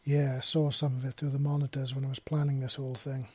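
A blunt, foul-mouthed female robot with an edge, as a man reads her. The voice is dark and husky, set close and dry with no room around it. She sounds sardonic and unimpressed. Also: medium pitch, monotone, fast talker, no echo, lightly acted. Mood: wry. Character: sharp-tongued female robot, freed prisoner. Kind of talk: fan fiction audiobook reading.

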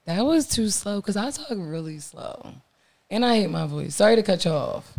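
A woman's voice: mid-range voice, sing-song, moderate pace, gravelly, darkish tone. Brief: young woman, podcast host, chatty, meandering, loses her thread mid-sentence. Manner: rambling, loses her train of thought. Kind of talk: casual podcast chat.

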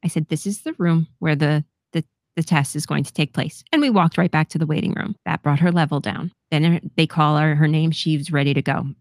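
A woman's voice: sits low, a little fast, darkish tone, no echo, clean studio sound. A middle-aged woman telling a personal story on a podcast in a candid, casual way, swearing freely and laughing often. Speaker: podcast co-host.

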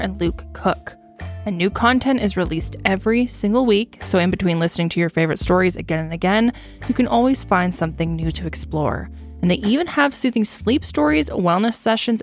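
An excitable woman co-hosting a podcast, upbeat and loose with her swearing. Faint music plays underneath her. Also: medium pitch. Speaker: podcast co-host. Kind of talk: ad read and casual chat.

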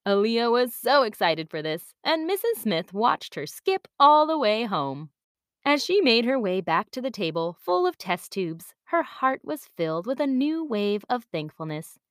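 A woman reading a children's story aloud with an expressive storybook cadence. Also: on the high side, unhurried, no room sound, studio quality.

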